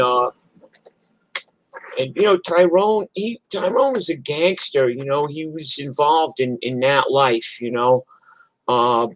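In a low-quality recording, an older man from New York swears his way through rambling stories in loose livestream chat, frequently starting over. His voice has a medium pitch.

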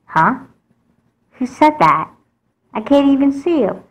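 A woman's voice: high voice, very animated, takes it slowly, full character voice, low-quality recording. Woman voicing a sad, wistful teenage girl. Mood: puzzled. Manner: soft, wistful, crying out in fear. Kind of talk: doll movie voice acting.

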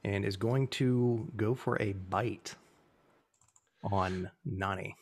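A man running a tabletop game as game master, relaxed, laughing often and fumbling his numbers. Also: on the low side, slow.

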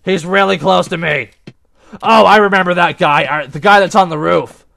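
A young man commenting on a horror game as he plays, excitable and easily startled into yelps. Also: sits high, moderate pace, vocal fry. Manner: excitable and jumpy, yelps and shouts at scares. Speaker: gaming video host. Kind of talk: let's play commentary.

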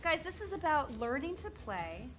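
A woman in her thirties doing jokey, excitable commentary while she plays a video game. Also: high voice, moderate pace, faint music behind. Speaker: gaming streamer. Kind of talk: let's play commentary.

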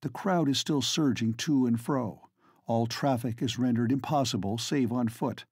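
A man reads a classic novel in measured, formal narration. His mid-pitched voice is a little husky, recorded dry and close with no room sound. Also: darkish tone, dry recording. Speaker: audiobook narrator. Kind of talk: scripted narration.

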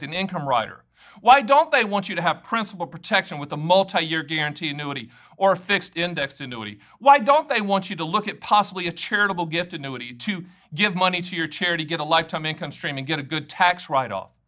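A man's voice: fairly high pitch, bright, forceful tone. A middle-aged man hosting his own show about annuities, talking straight to camera in a folksy, joking way and rattling off long lists of product types. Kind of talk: casual direct-to-camera talk.

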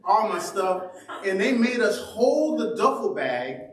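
A man preaching a sermon and telling a lively personal story, often laughing and acting out what people said. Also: sits high, measured pace, slight background noise. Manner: animated, laughing storyteller who acts out quotes. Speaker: pastor. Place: church sanctuary. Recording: roomy echo from a distant mic.

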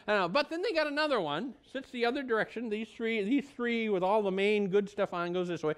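A man's voice: very high voice, animated, quick pace, hardly any pauses, fairly bright tone, smooth. A male pastor giving a conversational sermon in a folksy, rambling way, often restarting his sentences and drifting into asides.

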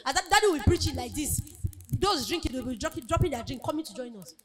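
A woman's voice: high-pitched, animated, fast, crowd noise. A woman giving an emphatic motivational sermon at a conference, acting out the voices of the people in her stories. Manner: emphatic preaching, acts out quoted voices. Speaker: speaker at a women's conference.

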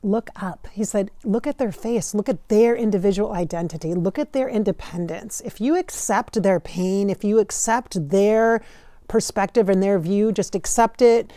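Mellow-voiced woman relaying channeled messages. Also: medium pitch, no echo, clean studio sound. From Minnesota, United States. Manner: relays messages in quotes, chatty, laughs often, slows for emphasis. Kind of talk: casual spiritual channeling talk.

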